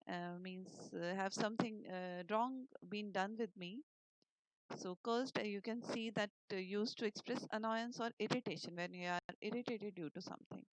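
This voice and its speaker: A woman teacher with an Indian English accent, reading a story to an online class and explaining each word slowly, with many fillers and questions to the students. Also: medium pitch, dry recording, low-quality recording.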